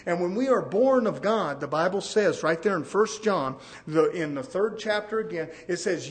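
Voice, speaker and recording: A high-pitched male preacher delivers a fervent sermon. He swings from quiet asides to loud, emphatic peaks, calling out to his congregation as he goes. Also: lively intonation, normal speed, hardly any pauses. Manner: emphatic preaching with sudden rises in pitch and loudness; peppers lines with "amen" and "brothers and sisters".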